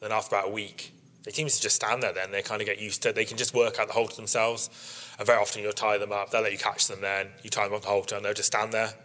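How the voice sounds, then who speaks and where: A man, a sheep breeder, giving an informal workshop talk to an audience, chatty and quick to act out what people said, laughing often. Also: fairly low pitch, little pitch movement, bright, forceful tone. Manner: chatty storyteller, acts out quotes, laughs often. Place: live workshop in front of an audience.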